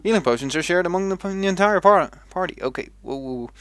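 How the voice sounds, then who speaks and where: A man's voice: high-pitched, animated, fast talker, fairly bright tone, clean tone, no room sound. A young man with a Dutch accent, chatting casually and thinking aloud as he plays a video game. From Netherlands. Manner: chatty, thinks aloud with restarts and self-talk. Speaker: let's play gamer.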